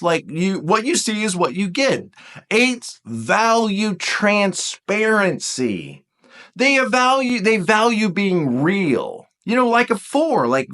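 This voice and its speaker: A man giving a casual, animated teaching talk, emphatic and self-deprecating. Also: sits high. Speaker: Enneagram teacher.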